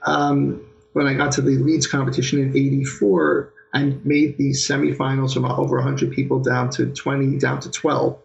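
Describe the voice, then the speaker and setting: A man with a gravelly, fry-edged voice spins animated anecdotes about his teaching days, slipping into quick impressions of his old teacher. The sound is a touch muffled and lo-fi. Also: medium pitch. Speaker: pianist guest. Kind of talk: conversational storytelling interview.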